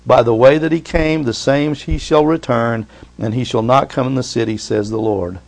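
A man's voice: medium pitch, normal speed, gravelly. A middle-aged man preaching a sermon as pastor, reading scripture aloud with force and asking his congregation for responses.

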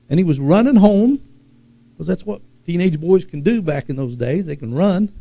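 A man preaching a sermon as pastor to a church service, with emphatic repeated phrases, sudden loud peaks and calls to the congregation. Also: high voice, vocal fry, no room sound, highs cut off.

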